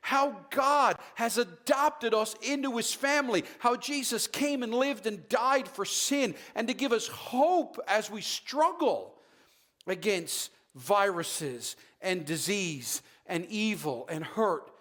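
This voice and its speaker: A man preaching a sermon as pastor to a livestream audience, emphatic, with dramatic pauses and soft low passages. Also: lively intonation. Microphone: livestreamed to viewers at home.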